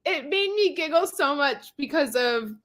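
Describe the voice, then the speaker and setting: Bright, high-voiced giggly woman. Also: expressive, measured pace. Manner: giggly, chatty, lots of "like". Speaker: podcast co-host. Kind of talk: casual movie review chat.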